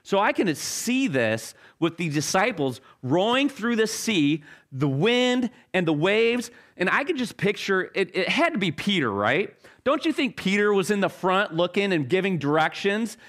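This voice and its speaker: A man preaching a sermon as pastor, telling an animated story with halting restarts. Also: high voice.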